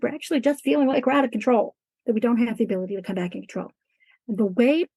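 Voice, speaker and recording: A woman with a mellow, mid-range voice speaks as a teacher guest in a conversational interview. She is earnest and emphatic, at times acting out classroom talk, and the recording is dry.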